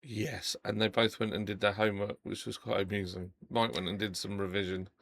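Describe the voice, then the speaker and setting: A man's voice: on the low side, flat delivery, a little fast, vocal fry, fairly bright tone, no room sound, studio quality. A middle-aged man, co-hosting a casual podcast chat, laughing often and telling stories with animation. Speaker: podcast co-host.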